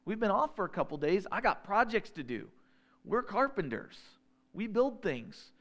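A man's voice: high voice, big pitch swings, pitched above the performer's own voice. A man preaching, putting on the voice of an exasperated working father who scolds his son to come home. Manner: rapid, scolding, rising into shouting.

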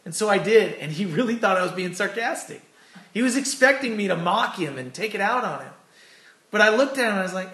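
A man's voice: sits high, animated, brisk, a bit bright. A man preaching an earnest, conversational sermon with personal stories, then closing in prayer. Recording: echoey room.

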